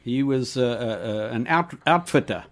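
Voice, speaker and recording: A man's voice: mid-range voice, animated, normal speed. A man from South Africa, a minister telling his story in a radio interview, repeating himself and checking in with "okay?". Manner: rambling, repeats words, frequent "okay?". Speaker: guest minister.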